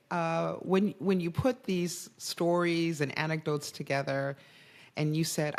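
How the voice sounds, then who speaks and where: A woman hosting an interview podcast, asking questions and cheering her guest on. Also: on the low side. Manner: warm, encouraging, laughs often. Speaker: podcast host. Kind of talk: interview conversation.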